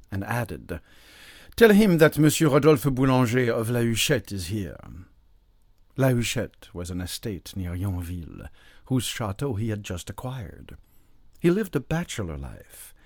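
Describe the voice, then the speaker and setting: A man reading a classic novel aloud as an audiobook narrator, in a measured storytelling manner. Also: lowish voice, darkish tone, breathy edge, no echo.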